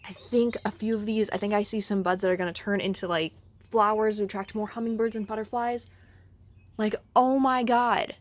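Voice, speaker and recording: A woman's voice: mid-range voice, steady tone, fast talker, no echo. Gushing woman on a porch plant tour. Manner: enthusiastic, gushing, swears casually. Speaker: vlogger. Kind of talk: casual garden tour vlog. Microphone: handheld camera.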